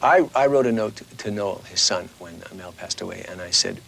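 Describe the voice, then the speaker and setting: A man's voice: low voice, a little fast, creaky, slight background noise. A middle-aged man, a voice actor guest, chatting casually and animatedly in an interview, slipping into little voices as he tells stories. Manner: animated storyteller, slips into voices.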